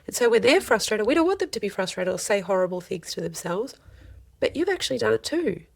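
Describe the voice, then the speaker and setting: A woman's voice: medium pitch, big pitch swings, quick pace, gravelly, no room sound. A woman, a counselor speaking earnestly in a podcast interview and often voicing quoted speech. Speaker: family and child counselor, guest. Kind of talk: podcast interview, casual advice.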